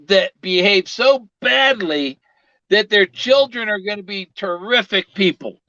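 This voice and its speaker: A man's voice: sits high, expressive, measured pace, bright, forceful tone, no room sound. A man on a call chatting casually, wry and chuckling. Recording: dull, dry lo-fi call audio.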